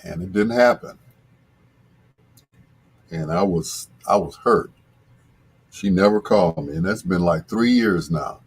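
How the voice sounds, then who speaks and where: Slow, deep-voiced man telling a rambling story. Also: big pitch swings, creaky, husky. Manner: rambling, with many restarts and asides. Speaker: radio show host. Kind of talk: casual storytelling chat.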